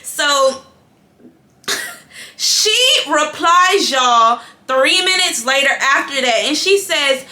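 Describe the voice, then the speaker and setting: A young woman with a high, bright voice tells a casual storytime, animated and chatty, talking to her viewers as y'all. Her voice rings in an echoey room. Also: slow. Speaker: vlogger.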